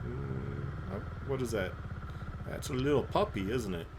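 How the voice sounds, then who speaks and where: A man's voice: lowish voice, sing-song, measured pace, gravelly, noisy background. A man hosting a reaction video, giving sarcastic, opinionated commentary on riding clips.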